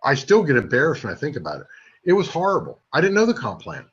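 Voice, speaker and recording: A man in his sixties giving a sales training talk, a lively storyteller who throws quick asides to his audience. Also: mid-range voice. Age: 60s. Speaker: network marketing trainer. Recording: dull lo-fi recording.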